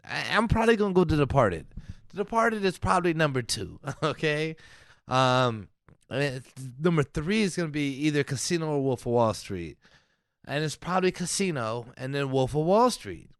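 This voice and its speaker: A man co-hosting a casual podcast, talking in a lively way, swearing and laughing often. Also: fairly high pitch, moderate pace, no room sound, studio quality. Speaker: podcast co-host.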